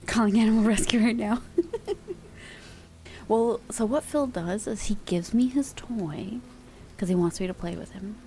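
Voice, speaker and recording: Giggly woman streamer, slow mellow voice. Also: slight background noise. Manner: playful, giggly, high sing-song baby talk to a pet. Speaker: ASMR streamer. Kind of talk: casual chat. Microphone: ASMR microphone in a sound booth.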